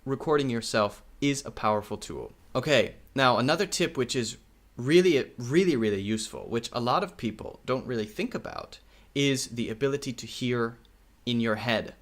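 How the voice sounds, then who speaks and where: A man teaching English in a recorded video lesson, speaking slowly and repeating key words, often checking in with "okay?". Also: mid-range voice. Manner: slow, repetitive, checks in with "okay?".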